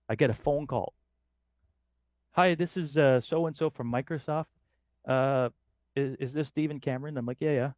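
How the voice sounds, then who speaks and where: A middle-aged podcast guest from northern Canada, his voice in the mid range, tells casual stories in a lively manner and acts out the voices of the people in them. There's no echo.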